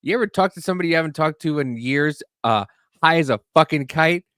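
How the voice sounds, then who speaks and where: Animated, profane male podcast storyteller. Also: fairly high pitch, quick pace, no echo, clean studio sound. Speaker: podcast co-host. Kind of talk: casual storytelling chat.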